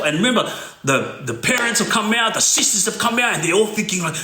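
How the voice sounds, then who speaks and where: This middle-aged former gang member talks fast in a high-pitched, animated, bright, and forceful voice, recorded in an echoey room. He tells stories casually in a monologue, often asking "yeah?".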